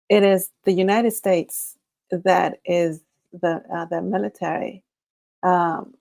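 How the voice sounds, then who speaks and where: A woman whose first language is Spanish, hosting a casual livestream, talking in a halting, nervous way with many restarts. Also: on the low side, a little mellow. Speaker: livestream host.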